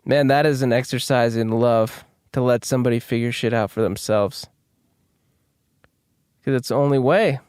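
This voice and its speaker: Smooth-voiced man rambling in a monologue. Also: medium pitch, fairly even intonation, normal speed, long pauses, a little mellow, no room sound, studio quality. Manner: rambling, self-deprecating, swears freely. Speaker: host. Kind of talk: casual monologue.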